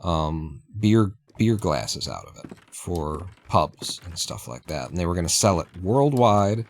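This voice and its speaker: Deep-voiced man rambling on a stream. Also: very animated, measured pace, slight background noise. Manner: rambling and opinionated, laughs at his own bits. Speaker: livestreamer. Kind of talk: casual gameplay chat.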